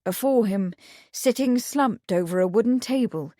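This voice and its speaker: A woman narrating an audiobook mystery in a slow, expressive storytelling manner. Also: on the high side, no echo, clean studio sound. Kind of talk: scripted narration.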